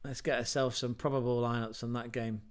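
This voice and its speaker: A man's voice: medium pitch, flat delivery, brisk, slight background noise. A man hosting a casual football livestream, chatty and rambling, with self-mocking asides. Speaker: football podcast host.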